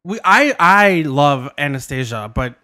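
A man's voice: on the high side, very animated, unhurried, bright, forceful tone. A man co-hosting a podcast in casual, crude banter, laughing often. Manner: giggly, laughs often while talking. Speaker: podcast co-host. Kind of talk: casual chat.

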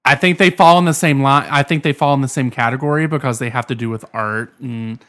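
A man's voice: mid-range voice, steady tone, brisk, fairly bright tone. A man in a casual debate, blunt and insistent, teasing his co-host.

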